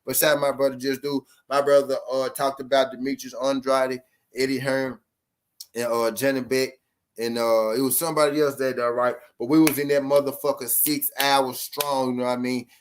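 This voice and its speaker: A man's voice: medium pitch, level tone, moderate pace. A man hosting a boxing channel, ranting to his live-stream viewers in blunt, profane street slang full of repeated phrases. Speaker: boxing commentary channel host.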